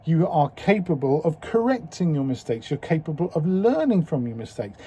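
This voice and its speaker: A man in his fifties speaking candidly and slowly in a personal video diary, swearing freely as he reflects. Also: on the high side, big pitch swings, mellow, breathy edge. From England. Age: 50s. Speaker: video diarist.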